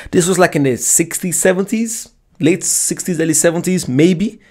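A man's voice: on the high side, moderate pace, darkish tone. A man hosting a reaction video, chatting casually with slang and lots of fillers. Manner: chatty, slangy, full of "you know" fillers.

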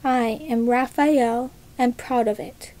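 A woman's voice: fairly high pitch, fairly even intonation, slow, dark tone. A woman voicing a defiant, proud young village man who speaks boldly and mockingly in a storybook reading. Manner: bold, mocking.

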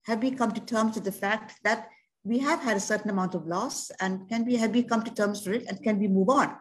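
A woman's voice: mid-range voice, a little fast. A woman counselor explaining adoption in a talk show, earnest and reassuring, with many rhetorical questions.

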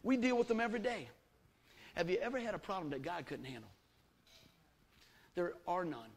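A man's voice: high voice, moderate pace. A middle-aged man preaching a sermon, folksy and emphatic, full of rhetorical questions to the congregation. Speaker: pastor.

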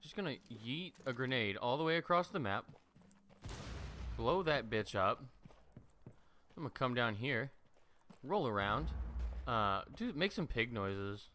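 A man's voice: medium pitch, animated, a little slow, pauses often, bright, forceful tone, slight background noise. A young man giving joking, profane gameplay commentary into a desk mic on a stand, with sudden shrieking outbursts. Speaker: gaming streamer.

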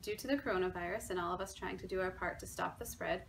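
A woman's voice: lowish voice, fast talker, gravelly, a little hiss or hum, rough recording. A woman, a museum education manager, reading a children's story aloud expressively from her home.

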